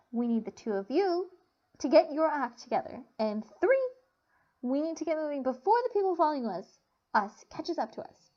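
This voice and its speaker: A bossy floating girl spirit talks bluntly and takes charge, as a woman reading the story puts her on. The voice is fairly high. The recording is dull and lo-fi. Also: darkish tone. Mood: commanding.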